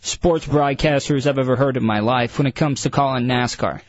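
A man's voice: mid-range voice, moderate pace. A man co-hosting a radio show, chatting casually and eagerly defending his favorite hobby. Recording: dull lo-fi radio recording.

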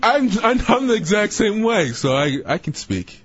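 A man's voice: high voice, big pitch swings, moderate pace, a bit bright. A man co-hosting a radio show, joking and mock-apologetic. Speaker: radio co-host. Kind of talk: joking banter. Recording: dull lo-fi radio audio.

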